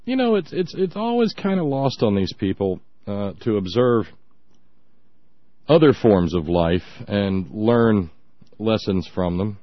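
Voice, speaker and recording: On a dull lo-fi recording that's also dry, a talk show host delivers sarcastic commentary on clips, ridiculing them with bursts of laughter and goofy voices. He speaks on the low side at a measured pace, with big swings in pitch.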